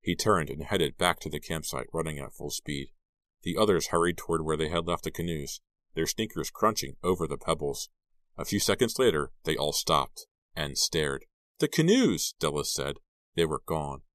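Super deep guy reading a spooky teen book, dry close sound. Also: normal speed, a bit bright, dry recording. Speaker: audiobook narrator. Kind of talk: scripted audiobook narration.

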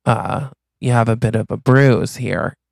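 A man co-hosting a comedy podcast, pitching a silly movie plot with playful storytelling and quick acted lines. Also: gravelly, a little mellow, no room sound. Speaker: podcast co-host.

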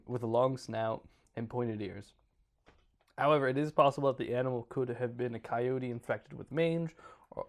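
A man hosting a podcast, reading notes in a casual, joking way with small stumbles. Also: mid-range voice. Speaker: podcast host.

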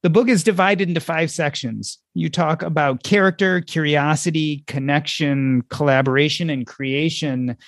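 A man's voice: a little high, creaky, no room sound. A man hosting an interview, who sets out the background before he asks his question. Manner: measured, lays out context before asking. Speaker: interview host.

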